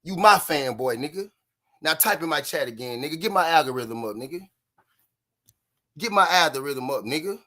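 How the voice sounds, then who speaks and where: Man, stream host, fairly high voice, mocks chatters, laughs a lot. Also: expressive, normal speed, long pauses, sharp tone. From Memphis, Tennessee, US. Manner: taunting, mocking, laughs often, repeats lines. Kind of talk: live-stream banter with chat.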